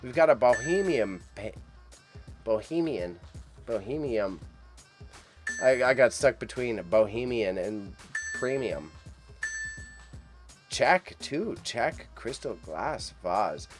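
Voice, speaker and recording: A chatty man hosts a live stream, his nose stuffed up and congested, with a middle-of-the-road pitch. He rambles and laughs as he goes, tripping over hard names. Faint music plays behind him. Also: lively intonation, takes it slowly. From Canada. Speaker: live stream host reacting to an auction. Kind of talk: casual live stream commentary.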